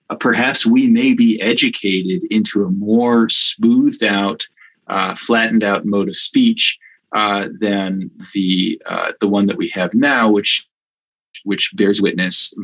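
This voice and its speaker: A man's voice: fairly low pitch, a bit bright, poor audio. A middle-aged man with a Midwestern American accent, answering interview questions in a thoughtful, hesitant way, with many fillers and restarts. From United States. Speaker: guest theology professor.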